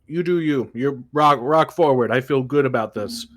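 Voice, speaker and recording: A man's voice: mid-range voice, moderate pace. A man playing a tabletop game, joking and sarcastic in casual chat. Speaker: player.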